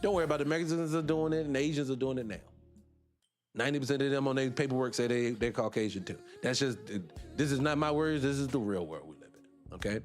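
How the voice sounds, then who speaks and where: A man's voice: medium pitch, fast, soft background music. A man hosting a livestreamed morning talk show, arguing with passion, firing rhetorical questions at his listeners and laughing between points.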